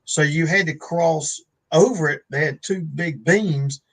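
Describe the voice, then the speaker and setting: Man, rambling storyteller, bright voice, slightly high pitch. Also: unhurried, low-quality recording. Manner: rambling, drawling storyteller with many fillers. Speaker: guest. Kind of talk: casual storytelling on a live stream.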